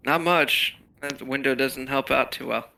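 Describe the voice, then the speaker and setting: A man's voice: mid-range voice, steady tone, measured pace, creaky, sharp tone, slight background noise, rough recording. A man taking part as a player in a tabletop game, joking and laid-back. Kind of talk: casual game chat.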